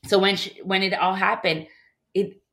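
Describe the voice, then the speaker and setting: A woman in her thirties from Montreal, telling a personal story as an interview guest in an emotional, halting way, restarting her sentences and acting out other people's voices. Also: mid-range voice, little pitch movement, fairly bright tone. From Montreal, Canada.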